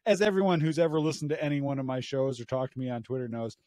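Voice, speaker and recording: A man's voice: mid-range voice, expressive, fast talker, dark tone, dry recording. An American man hosting a casual podcast chat, talking hesitantly with many restarts. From United States. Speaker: podcast host.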